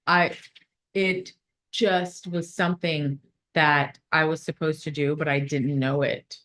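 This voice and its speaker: A woman speaker with a lowish voice talks slowly and deliberately. She gives a motivational talk, then guides a visualization in a calm, soothing manner, recorded on a phone in a conference room. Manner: warm, slow and soothing when guiding the meditation.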